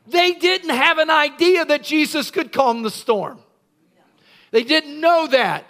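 Male pastor, very high and bright voice, animated storytelling sermon with shouted bits. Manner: animated storytelling preacher, acts out scenes and shouts. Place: church.

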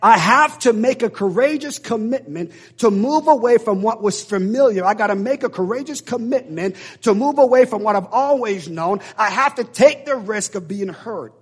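A man's voice: sits high, animated, normal speed, hardly any pauses, breathy edge. A man preaching a sermon in an emphatic, repetitive, preacherly way.

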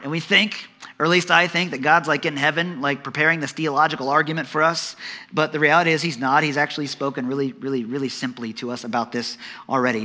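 A man preaching a sermon, dramatic, dropping to soft low tones for emphasis and acting out the voices of the story. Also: fairly even intonation, fast. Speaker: pastor.

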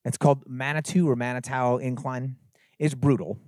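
A middle-aged man from the San Francisco Bay Area speaks at a youth conference, mixing storytelling with sermon-style preaching. He's animated and conversational, building to emphatic exhortation, in a mid-range voice at normal speed. The recording is dry with clean studio sound.

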